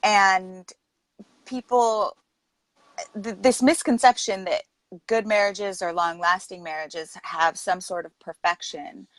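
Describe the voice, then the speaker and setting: A woman's voice: medium pitch, takes it slowly, dry recording, poor audio. A middle-aged woman hosting a casual interview, talking earnestly and quoting herself as she explains her points. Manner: earnest, uses lively metaphors, quotes herself. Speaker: podcast host.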